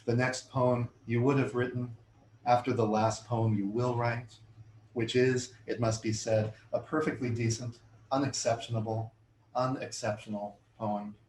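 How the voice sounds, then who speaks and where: A middle-aged man reading his own poems to an audience in a bookshop, measured and deliberate, with chatty, self-amused asides between poems. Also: mid-range voice, level tone, darkish tone. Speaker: poet giving a reading. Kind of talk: poetry reading with spoken asides. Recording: roomy hall sound, faint room noise.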